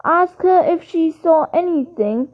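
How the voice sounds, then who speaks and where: Lady reading a jumpy schoolboy, talks fast, dull audio. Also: very high voice, lively intonation. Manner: hurried. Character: teenage schoolboy, quick and anxious.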